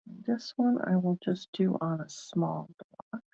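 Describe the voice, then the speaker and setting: A woman's voice: lowish voice, takes it slowly, creaky, dark tone, no room sound, dull audio. A woman hosting a card-making video, chatting casually and thinking aloud as she works. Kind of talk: casual crafting demonstration.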